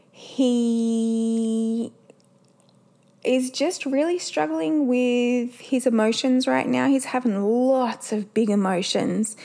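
Chatty mum talking candidly. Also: female voice, fairly high pitch, darkish tone. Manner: candid, chatty, swears freely. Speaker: podcast host. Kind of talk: casual solo podcast chat.

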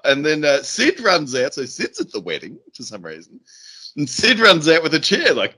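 A man's voice: fairly high pitch, moderate pace, husky. A man, co-hosting a podcast and recapping a wrestling event in casual chat, acting out the voices he quotes. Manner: animated storyteller who acts out quoted voices. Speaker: podcast co-host.

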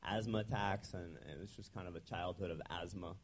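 A young adult man, a chiropractor appearing as a guest, tells his story in a casual interview, often saying um and restarting sentences. His voice is low and he talks a little fast.

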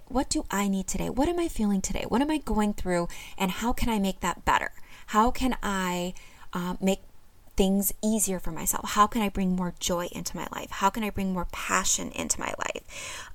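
A woman's voice: medium pitch, no room sound. Earnest encouraging woman podcaster, dry sound. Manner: earnest, encouraging, addresses listeners directly; casual with frequent fillers. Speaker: podcast host. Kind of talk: self-help podcast talk.

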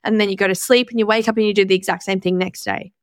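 A woman's voice: mid-range voice, fairly even intonation, very fast, clean tone, no room sound, clean studio sound. A woman, hosting a solo podcast in a blunt, chatty, motivational way. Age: 20s. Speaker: podcast host. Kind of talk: casual solo podcast monologue.

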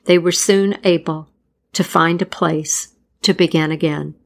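A woman tells an old legend at an unhurried pace, her voice sitting low and calm. She reads in a measured, deliberate manner suited to scripted storytelling. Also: creaky. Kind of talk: scripted folktale narration.

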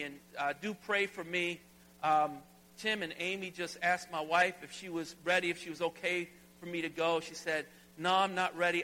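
A middle-aged pastor from Alabama preaching a sermon in a large church, folksy and conversational, rising to emphatic preaching. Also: male voice, fairly high pitch, bright, forceful tone, a little hiss or hum. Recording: long hall reverb.

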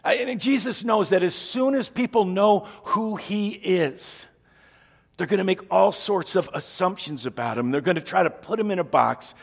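A man preaching a sermon as a pastor, telling stories with lively energy and acting out the people he quotes. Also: sits high, creaky, slightly rough.

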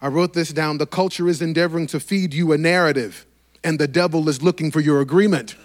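A man with a notably high-pitched voice delivers a sermon to his congregation. He preaches fervently and rhythmically, with repeated phrases and direct calls to the church. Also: fairly even intonation, fairly quick. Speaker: pastor.

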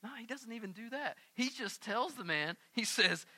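Young male pastor, bright high voice, animated sermon that slips into casual character voices. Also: moderate pace, hardly any pauses.

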